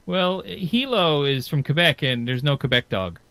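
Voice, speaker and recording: A man's voice: a little high, lively intonation, a little slow, creaky, a bit bright, dry recording. Man co-hosting a podcast; rambly, easygoing, dry close mic. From Newfoundland and Labrador, Canada. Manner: rambling, friendly, lots of "you know". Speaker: podcast co-host. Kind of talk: casual chat.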